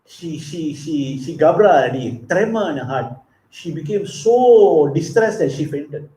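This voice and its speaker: A man gives a sermon in an echoey temple hall. His voice sits a little high but sounds mellow, and he moves between reading verses and chatting about them with frequent chuckles. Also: animated, unhurried. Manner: reads verses then explains in casual asides, chuckling often. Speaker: speaker giving a scripture class.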